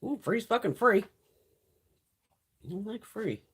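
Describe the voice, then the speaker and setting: Middle-aged woman livestream host, husky, animated, foul-mouthed storyteller. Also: mid-range voice, takes it slowly. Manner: profane, blunt storytelling, reads chat comments. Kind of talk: casual live-stream chat.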